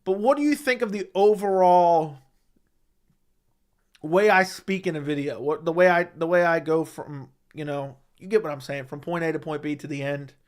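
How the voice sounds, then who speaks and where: A man's voice: fairly high pitch, moderate pace. Blunt, profane man chatting on a livestream. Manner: blunt and profane, talks back to chat. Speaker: livestream host reading viewer comments. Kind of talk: casual livestream chat. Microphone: studio microphone at a desk.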